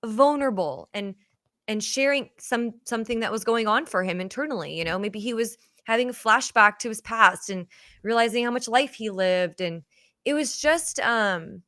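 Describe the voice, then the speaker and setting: A woman's voice: fairly high pitch, moderate pace, a bit bright, no echo. A woman hosting a podcast, telling stories in an earnest, casual way with many fillers like "you know". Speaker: podcast host.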